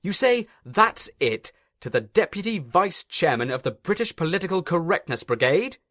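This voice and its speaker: A man's voice: fairly high pitch, sing-song, normal speed, a bit bright, no room sound, clean studio sound, voice pushed up. A man voicing a pompous, stern male railway inspector who talks in a fussy, officious way.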